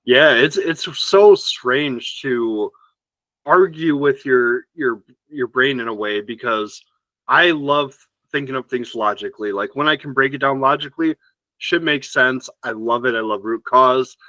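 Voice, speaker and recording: A man's voice: medium pitch, measured pace, bright, forceful tone, no echo, low-quality recording. A man who is a podcast guest, talking earnestly and reflectively in casual conversation, often restarting his sentences.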